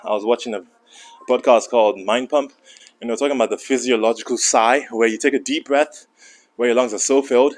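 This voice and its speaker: Breathless gym vlogger, joking. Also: male voice, medium pitch, fairly even intonation, a little fast. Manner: joking, chatty coaching asides. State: out of breath between sets. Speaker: fitness vlogger. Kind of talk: casual vlog commentary. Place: indoor private gym.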